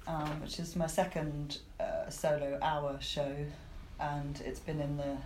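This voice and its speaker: A woman comedian and storyteller being interviewed at a live podcast, husky and sniffly from hay fever, wry and self-mocking. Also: deep voice, flat delivery, a little slow, darkish tone, a little hiss or hum. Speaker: stand-up comedian and storyteller, guest. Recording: echoey venue room.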